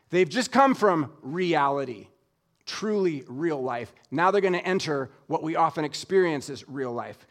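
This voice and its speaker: A man preaching a sermon, expressive, dropping soft and low when he quotes scripture. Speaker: pastor.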